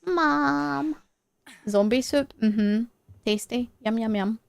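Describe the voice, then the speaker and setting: A woman livestreaming a game, chatty and prone to laughing as she talks herself through each move. Her voice sits a bit high with a gravelly fry, and she takes her time. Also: measured pace, darkish tone, dry recording. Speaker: game streamer. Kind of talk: live game commentary.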